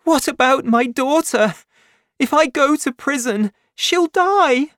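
A man's voice: high-pitched, flat delivery, unhurried, warm tone, clear, resonant tone, dry recording, voice pushed up. A man voicing a sick, desperate young woman in an audiobook, pleading and close to tears.

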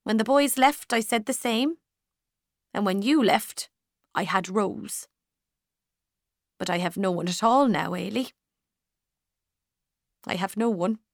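Lonely widowed mother, read by a woman narrator, slow and quiet, sorrowful. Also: medium pitch, dry recording, studio quality. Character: widowed older Irish mother, grieving, lonely.

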